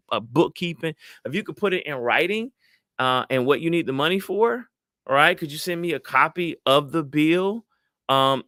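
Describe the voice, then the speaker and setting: A middle-aged man, giving lively motivational advice to an audience and acting out voices. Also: on the high side, dry recording, studio quality. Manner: animated, acts out quoted voices, addresses audience as y'all. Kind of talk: motivational talk to a live audience.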